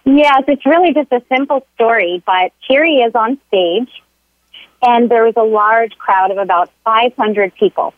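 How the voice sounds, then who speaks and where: A woman's voice: a little high, unhurried, no echo. A woman guest on an interview show telling a story in an earnest, motivational way. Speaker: guest, health coach. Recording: tinny dry phone line.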